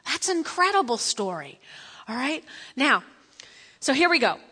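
Bright-voiced woman teaching Bible in a hall. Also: high voice, big pitch swings, normal speed, breathy edge. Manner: chatty and playful, with asides and laughs.

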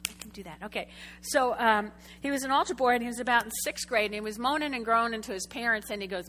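Bright-voiced woman preaching, chatty. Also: a little high, quick pace. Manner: lively storytelling, chatty asides to the congregation. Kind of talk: sermon. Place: church sanctuary before a congregation.

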